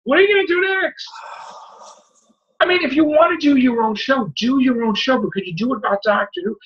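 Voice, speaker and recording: A man's voice: brisk, muffled recording. A man hosting a casual podcast chat, ranting in an exasperated voice. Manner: exasperated, ranting, swinging pitch. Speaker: podcast host.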